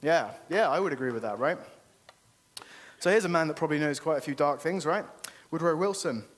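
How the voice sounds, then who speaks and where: A man's voice: fairly high pitch, lively intonation, a little fast. A man giving an earnest, persuasive conference talk and often checking in with "okay?". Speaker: conference speaker. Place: conference venue.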